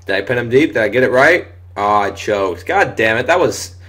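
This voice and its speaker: Excitable young man commenting on gameplay. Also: mid-range voice, moderate pace. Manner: excitable, swears often, shouts at big plays. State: voice briefly giving out. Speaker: gaming commentator.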